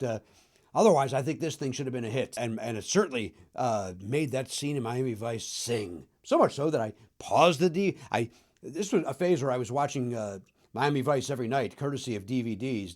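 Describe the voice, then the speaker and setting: Middle-aged comic host, lively up-and-down voice, slightly high, rambling self-mocking riffs. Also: male voice. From Chicago area. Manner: self-mocking, riffing, throws in quick silly voices. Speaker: podcast host. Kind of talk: comedic monologue about records.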